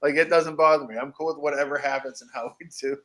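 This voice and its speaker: Speaking fast in a slightly high voice, this American man co-hosts a podcast about horror movies. The conversation is casual and full of jokes, and he laughs often with animated energy.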